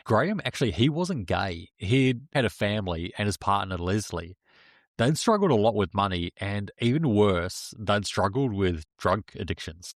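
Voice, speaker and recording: A man's voice: fairly low pitch, animated, normal speed, dry recording, clean studio sound. A man co-hosting a casual true-crime podcast, recounting the story plainly. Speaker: podcast co-host.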